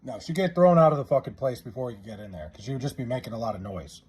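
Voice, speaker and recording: Husky, lively-voiced male streamer. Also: medium pitch. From New York area. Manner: loose and profane, drawls joke names slowly. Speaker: livestreamer. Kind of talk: casual live stream chat, reading viewer comments. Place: his house.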